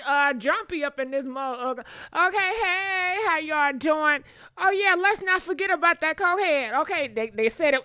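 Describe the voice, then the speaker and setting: A woman's voice: extremely high pitch, dry recording, clean studio sound. A woman hosting a live gossip show, exclaiming and talking straight to her viewers. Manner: animated, exclamatory, talks to chat directly.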